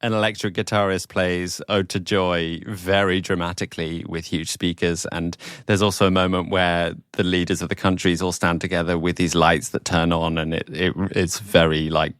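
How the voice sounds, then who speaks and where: A man's voice: low-pitched, little pitch movement, moderate pace, few pauses, fairly bright tone, clear, resonant tone, no echo, clean studio sound. A man co-hosting a news podcast, chatting enthusiastically with hesitant restarts. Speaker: podcast co-host. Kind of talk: casual news chat.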